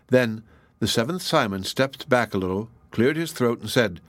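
A man narrates a fairy tale in a steady, measured reading voice. His pitch sits in an ordinary middle range. The recording is dry and close. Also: dry recording. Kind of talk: storybook reading.

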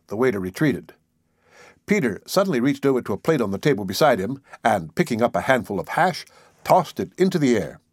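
Husky-voiced male audiobook narrator. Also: mid-range voice, no echo, clean studio sound. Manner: expressive, varied reading.

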